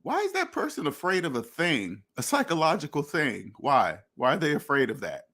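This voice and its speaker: This finance podcast host is a man with a slightly high voice that swings hugely in pitch, delivered at a normal speed with a sharp tone. In a casual monologue he lectures bluntly and preachily, acts out imagined conversations, and swears now and then.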